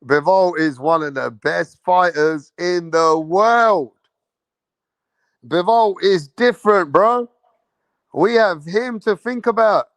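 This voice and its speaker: A man's voice: high-pitched, slow, a bit bright, dry recording. Brash, foul-mouthed man ranting about boxing. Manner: brash, profane and taunting; repeats phrases, peppered with "bro". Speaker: boxing livestream host. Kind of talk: casual live commentary to a chat.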